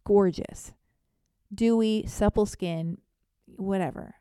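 A woman telling a funny personal story in an animated, self-deprecating, theatrical way. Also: medium pitch, slow pace, clean tone, no room sound, studio quality. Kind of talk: comedic storytelling monologue.

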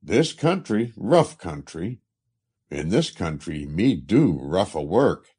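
A man's voice: deep voice, big pitch swings, takes it slowly, dark tone, slightly rough, heavily acted. A man voicing a chatty, poor Italian immigrant laborer who speaks broken English with an Italian accent. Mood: wistful. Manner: broken English, eager and talkative.

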